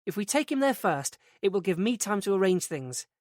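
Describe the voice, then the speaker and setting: A man voicing a hesitant, uncertain young woman in an audiobook, speaking softly with a lifted pitch. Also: very animated, fairly quick, no echo, clean studio sound. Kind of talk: audiobook character reading.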